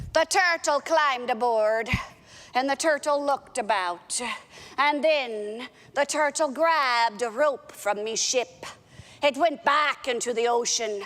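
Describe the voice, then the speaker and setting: A woman's voice: fairly high pitch, fairly bright tone, long reverb tail. Playful woman telling a pirate tale. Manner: playful pirate talk, with an occasional "arr" and "me ship". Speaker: library storyteller. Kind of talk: pirate story told to children.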